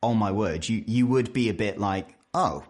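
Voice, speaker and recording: A British man in his twenties, talking casually to camera as a vlogger and telling stories with lively jumps in pitch. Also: moderate pace. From United Kingdom. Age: 20s. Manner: animated storytelling, pitch jumps for quoted voices.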